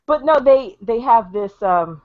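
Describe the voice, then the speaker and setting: A woman's voice: a little high, lively intonation, a little slow, phone-quality sound, slight background noise. A woman hosting a casual online chat show, talking bluntly and laughing often over a voice call. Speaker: show host.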